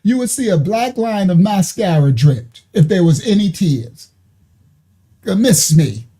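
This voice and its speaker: A woman at her computer hosts a live reaction stream, sharing her screen and staying chatty and mocking, with lots of laughter and slang. Her voice is fairly low, mellow and a bit rough, animated but delivered at a measured pace.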